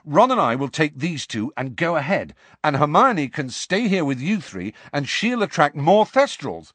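A man's voice: a little high, big pitch swings, moderate pace, fairly bright tone, no room sound, pitched above the performer's own voice. A man voicing a curt, impatient teenage boy hero in an audiobook reading. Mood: urgent. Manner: curt, urgent.

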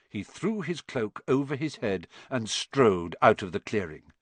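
A man narrating a storybook aloud in an expressive style. His pitch moves in a lively way through each line. The recording is close and dry, with no room sound. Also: measured pace, hardly any pauses, breathy edge, no echo. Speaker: audiobook narrator. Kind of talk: scripted narration.

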